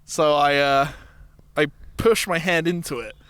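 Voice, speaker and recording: A man's voice: fairly high pitch, unhurried, smooth, no echo. A man hosting a casual podcast chat, telling a story with lots of swearing and acted-out voices. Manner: animated storyteller, swears freely, acts out voices. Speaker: podcast host.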